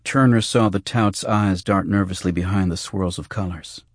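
Male audiobook narrator, low voice, husky, measured, dry close sound. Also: no room sound. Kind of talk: scripted narration.

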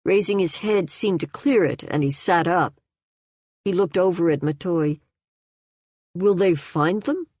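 A woman narrating a novel in a measured, even way. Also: fairly low pitch, dry recording. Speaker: audiobook narrator. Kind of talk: scripted narration.

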